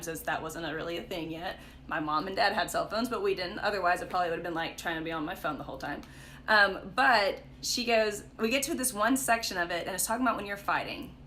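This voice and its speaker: A woman's voice: medium pitch, sharp tone, a little hiss or hum. A young woman leading a casual livestream Bible study, chatty and storytelling, often saying "like" and "right?". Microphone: phone or webcam for a live stream.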